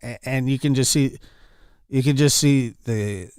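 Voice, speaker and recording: A man's voice: mid-range voice, measured pace, smooth, dry recording, studio quality. A man hosting an online commentary show, reacting to news clips in an exasperated, repetitive way. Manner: exasperated, repetitive, swings loud and soft. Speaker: commentary channel host.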